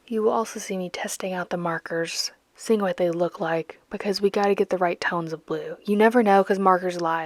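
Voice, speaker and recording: This young Georgia woman speaks at a medium pitch with no room sound, her Southern accent light. Painting as she narrates, the art channel host is playful, goofy and self-mocking, occasionally lowering her voice to a whisper.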